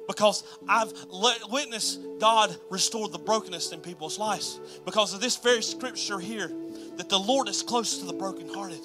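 A pastor with a high voice preaches at normal speed while music plays in the background. He moves from hushed softness to loud emphasis, repeating phrases rhythmically.

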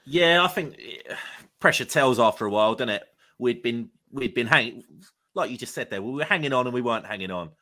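A man's voice: mid-range voice, expressive, a little fast, pushed and bright. A man on a football podcast panel, chatting plainly with restarts. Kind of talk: casual podcast chat.

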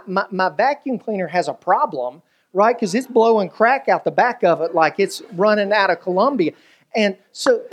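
A man preaching a sermon as a pastor, telling funny everyday stories and acting out the people in them. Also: sits high. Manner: humorous storytelling, animated quoted voices.

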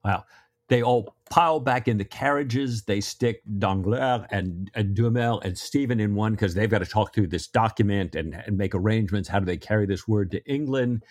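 A man's voice: fairly low pitch, normal speed, no room sound. A man co-hosting a casual book discussion podcast, loosely retelling scenes with stammering restarts. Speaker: podcast co-host.

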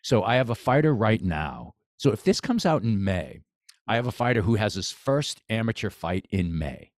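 A man's voice: lowish voice, big pitch swings, moderate pace, no room sound, studio quality. A man, a boxing coach, talking casually as a podcast guest, enthusiastic and rambling with restarts. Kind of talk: casual interview chat.

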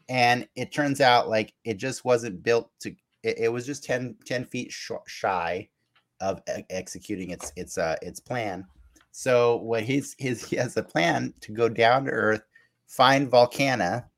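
Guy with a lowish voice rambling thru an episode recap on a podcast, lots of uh and like. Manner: rambling, laughing recap with fillers and restarts. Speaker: podcast co-host. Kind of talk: casual recap chat.

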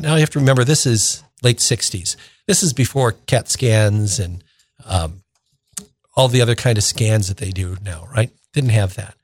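A man in his sixties from northern Minnesota, a deacon and radio host telling a personal story in a conversational, animated way. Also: medium pitch. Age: 60s. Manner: conversational, animated retelling with acted-out quotes.

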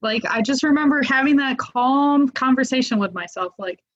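A woman chatting as a podcast guest, telling a tale in an easygoing, animated way. She sprinkles in fillers and acts out quotes as she goes. The sound is slightly dull, like a lo-fi recording. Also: sits high, normal speed. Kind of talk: casual storytelling. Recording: muffled lo-fi audio.

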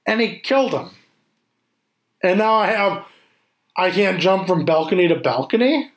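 A man in casual chat, animated and swearing freely as he acts out scenes. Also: high-pitched, moderate pace.

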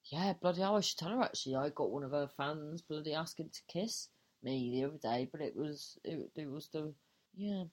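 This woman has a deep voice and talks fairly quickly. She's a comedian hosting a solo podcast, casually spinning an improvised, silly story full of restarts while swearing freely and joking at her own expense.

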